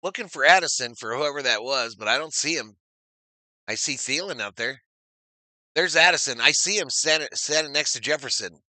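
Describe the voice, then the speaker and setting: Bright, energetic male play-by-play streamer. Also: mid-range voice, normal speed, dry recording. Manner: energetic, reads viewer chat aloud. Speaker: live stream sports commentator. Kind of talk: live play-by-play commentary.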